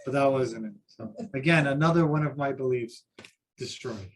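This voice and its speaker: A man's voice: medium pitch, moderate pace, slight background noise. A man who teaches Buddhism, sharing anecdotes with self-deprecating humor in a group discussion at a seminar.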